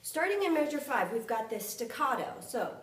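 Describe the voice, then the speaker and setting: A woman flute teacher walks through a practice passage, counting beats aloud and singing the syllables in a fairly high voice. She is heard from some distance in an echoey room, with flute playing behind her. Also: very animated, normal speed, faint music behind. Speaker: flute instructor. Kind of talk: music lesson, counting and demonstrating.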